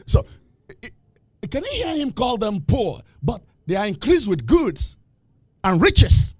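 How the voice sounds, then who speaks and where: Animated preacher man, dry sound. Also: high voice, measured pace, husky, no echo. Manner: animated, call-and-response questions, laughing asides. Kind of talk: sermon.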